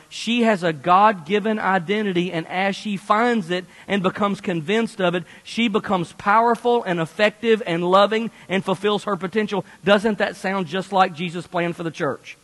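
A man preaching a sermon as a pastor, animated and conversational, speaking directly to the congregation. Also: high-pitched, normal speed, hardly any pauses, big-room sound, low-quality recording.

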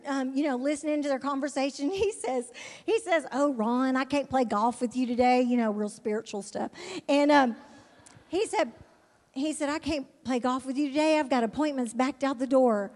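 High-pitched woman from alabama telling her testimony, laughs a lot, does the voices, big echoey hall. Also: normal speed. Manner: animated, laughs often, acts out quoted voices. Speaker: missionary giving a testimony. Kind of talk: storytelling testimony to an audience. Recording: long hall reverb.

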